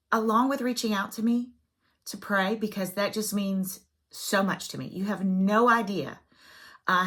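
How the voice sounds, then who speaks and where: A woman's voice: mid-range voice, fairly bright tone. A woman chatting casually as a cross-stitch vlogger, self-deprecating and full of fillers. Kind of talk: casual chat.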